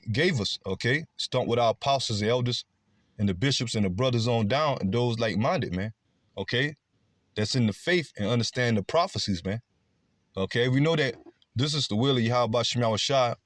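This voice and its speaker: A man's voice: mid-range voice, dry recording, studio quality. A man preaching a scripture-based sermon, emphatic, often adding "okay" and "man". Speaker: street preacher.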